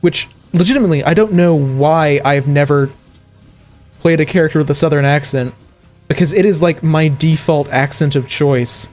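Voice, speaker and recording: A man from the American South streams a video game and chats loosely, rambling between moves with plenty of fillers and laughs. His voice sits a little high for a man. Faint game music plays behind him. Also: moderate pace, a little mellow. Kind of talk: casual gameplay chat.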